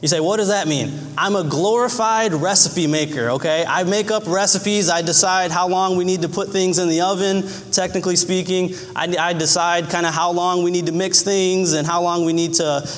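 A man's voice: fairly even intonation, moderate pace, hardly any pauses, in a large hall. A man preaching a sermon in an earnest way, often repeating his phrases. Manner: earnest, repeats phrases, acts out cries in a high voice.

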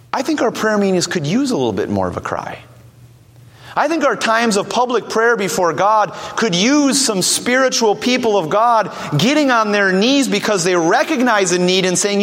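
A man's voice: sits high, animated, normal speed, a bit bright, long reverb tail. A man preaching a sermon, earnest and urgent, acting out the words of people who pray. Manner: earnest, acts out prayers and voices of doubters.

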